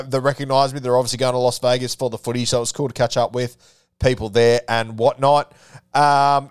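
A man's voice: medium pitch, a little mellow, clear, resonant tone, no echo, clean studio sound. A young Australian man telling a casual audio diary, chatty and swearing freely as he spins stories. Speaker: podcast host.

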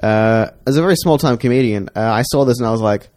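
A man's voice: medium pitch, fast, darkish tone. A man in casual podcast chat, rambling and swearing as he retells a movie trailer. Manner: profane, rambling, acts out voices. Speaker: podcast co-host.

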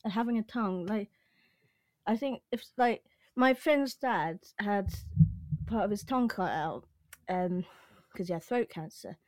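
A woman's voice: medium pitch, a little slow, pauses often, a little mellow, dry recording. A woman with an English accent chatting and musing aloud in a casual podcast conversation. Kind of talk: casual chat.

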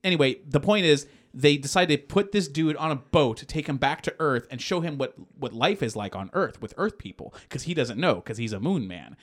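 Casting: man, casual podcast talker, animated storyteller, swears freely, loose and rambling. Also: a little high, a little fast, hardly any pauses. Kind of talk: casual chat.

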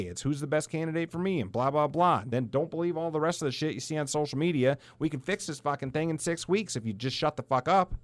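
A man's voice: a little high, no room sound. Swearing Midwestern man ranting. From South Dakota, USA. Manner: heated, blunt, swears freely. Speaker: podcast host. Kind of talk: profane ranting monologue.

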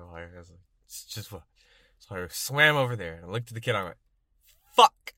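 A Texas man in his twenties co-hosts a casual podcast from a car, telling a story with lots of laughter and acting out the voices. His voice is mid-range, with no echo.

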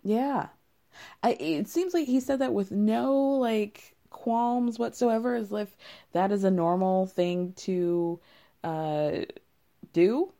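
A woman's voice: medium pitch, slow, dark tone. A young woman in casual recap commentary, wry and amused, often breaking into laughter as she talks. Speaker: reality show recapper.

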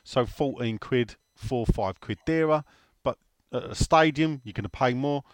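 A man's voice: medium pitch, a little slow, dry recording. A man co-hosting a casual podcast, teasing his co-host and reading out listener questions. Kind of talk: casual chat.

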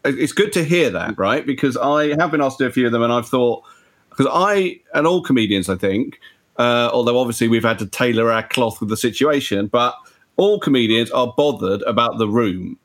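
Chatty comedian, rambling. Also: male voice, mid-range voice, animated, a little fast, fairly bright tone. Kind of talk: casual conversation.

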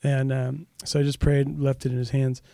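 A male pastor telling a personal story in a casual podcast chat, lively when he acts out what people said. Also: mid-range voice, normal speed, gravelly, dry recording, studio quality. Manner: animated storyteller, raises voice for quoted dialogue.

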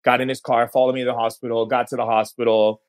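A man's voice: medium pitch, flat delivery. Earnest man telling a long story. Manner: earnest, drawn-out storytelling with pauses and restarts. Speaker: podcast guest. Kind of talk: personal storytelling in an interview.

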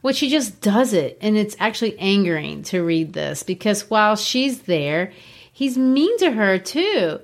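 A woman co-hosting a casual book discussion, chatty and animated, often laughing. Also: medium pitch, measured pace. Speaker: book podcast co-host.

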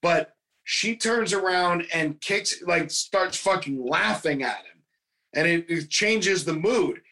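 High, bright-voiced excitable man. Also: takes it slowly. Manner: excitable, swears. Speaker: podcast co-host. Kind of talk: casual film discussion.

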